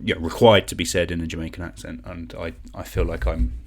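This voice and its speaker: Chatty young English quiz host. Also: male voice, low voice, flat delivery, a little fast. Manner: chatty, rambling, self-deprecating, sings song clues in gibberish syllables. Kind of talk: casual livestream quiz hosting.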